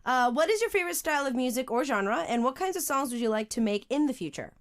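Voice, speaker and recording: A woman interviewer with a fairly high voice that swings widely in pitch as she reads listener questions. She giggles often and reacts with gasps and eager exclamations. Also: very animated, fast talker. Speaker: interviewer reading fan questions. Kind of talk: casual interview chat.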